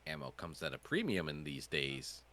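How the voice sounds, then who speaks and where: A man's voice: a bass voice, big pitch swings, moderate pace, bright, forceful tone. A man running a tabletop game as game master, talking casually and thinking aloud.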